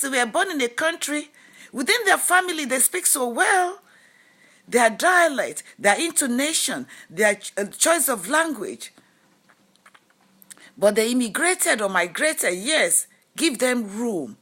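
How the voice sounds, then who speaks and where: A woman's voice: a little high, fairly bright tone. A woman vlogger giving an emphatic motivational talk, full of rhetorical questions and advice. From lives in Canada. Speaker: lifestyle vlogger.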